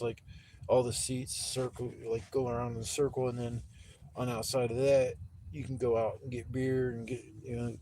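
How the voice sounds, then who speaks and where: A man's voice: mid-range voice, warm tone, slight background noise. Laid-back profane Gen X man. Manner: acts out voices of people in his stories. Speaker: livestream host. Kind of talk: rambling casual livestream storytelling. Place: outdoors at a campsite.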